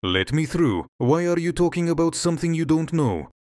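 A man voicing a hostile, stingy woman who shouts and snaps bitterly in a read-aloud story. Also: a little high, very animated, normal speed, no room sound, clean studio sound, pitched above the performer's own voice. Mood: angry defiant. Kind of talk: storybook narration.

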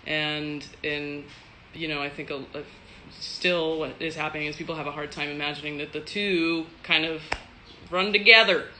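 A woman's voice: sits low, steady tone, moderate pace, pushed and bright, a little hiss or hum. A woman from Texas, an actor, answering fan questions in a loose, chatty live stream, swearing freely and laughing often. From Texas, USA.

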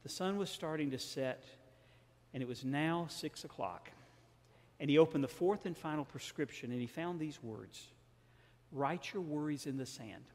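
A man's voice: on the high side, normal speed, a little mellow. A man with a Southern American accent preaching a sermon as pastor, telling a story and acting out the dialogue in shifting tones. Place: large church sanctuary. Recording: reverberant church hall.

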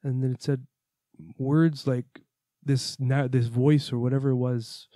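Mellow-voiced man telling a candid personal story. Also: mid-range voice, flat delivery, a little slow, no echo, clean studio sound. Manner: candid, earnest, reflective, with the odd curse. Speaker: podcast host.

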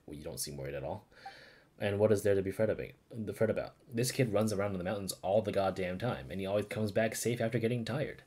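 A man voicing a gruff, teasing middle-aged village uncle while reading game dialogue. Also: fairly low pitch, fast talker, mellow.

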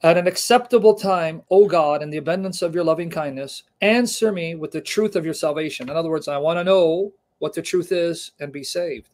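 A man's voice: a little high, fairly quick, few pauses, darkish tone. Fervent man reading scripture aloud. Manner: checks in with questions. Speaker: host. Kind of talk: scripture reading with commentary in conversation.

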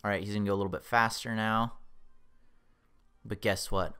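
A young man giving casual, excitable commentary while playing a video game, swearing freely and mocking his own skill. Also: on the low side, fairly quick, pauses often, clear, resonant tone. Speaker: let's play gamer.

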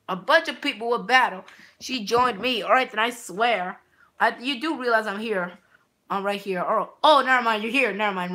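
A woman's voice: a little high, sharp tone. A woman streaming live gameplay who rambles to her viewers, repeating herself and restarting her sentences with many fillers. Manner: rambling, repeats words, talks straight to viewers.

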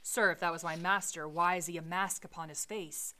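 A woman's voice: lowish voice, steady tone, a little fast, sharp tone. A woman voicing a loyal, frightened aging male butler, reading earnestly from a storybook. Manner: earnest, pleading.

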